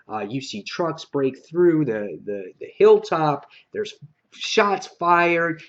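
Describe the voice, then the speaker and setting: An excited man talks through a comic issue in a loose, rambling vlog style. His pitch sits in an average range, and he keeps slipping in fillers. The sound is dull and lo-fi. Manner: rambling and excited, heavy on fillers and acted quotes. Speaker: comic book reviewer. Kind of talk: casual review vlog. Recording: dull lo-fi recording.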